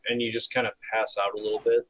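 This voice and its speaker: A man narrating as game master of a tabletop game, relaxed and often pausing with fillers. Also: fairly low pitch, low-quality recording. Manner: relaxed, hesitant with fillers, slips into quick character voices.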